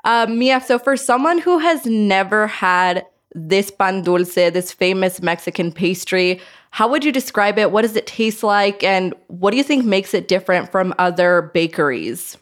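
A woman's voice: medium pitch, expressive, unhurried. A woman from Idaho chatting as a guest on a podcast, enthusiastic and reflective, often saying "I feel like". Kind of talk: casual podcast chat.

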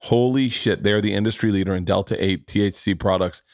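A man's voice: on the low side, fairly quick, no room sound, clean studio sound. A middle-aged man hosting a podcast who tells stories in a casual, profane way and also reads ads. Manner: animated, profane storytelling. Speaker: podcast host. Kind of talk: casual chat and ad read.

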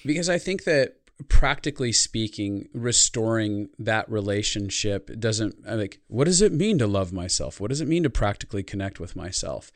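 A man's voice: on the low side, very animated, normal speed, hardly any pauses, dry recording, studio quality. A man speaking as a guest on a podcast, telling a reflective personal story in an earnest tone. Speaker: podcast guest, life consultant. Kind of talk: podcast interview conversation.

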